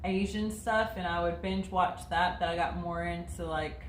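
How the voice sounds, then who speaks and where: A woman's voice: lowish voice, steady tone, moderate pace, echoey room, slight background noise. A woman in her twenties, co-hosting a casual chat, rambling and laughing often as she reads out viewer questions. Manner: chatty and rambling, laughs often, many fillers. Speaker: co-host reading viewer questions.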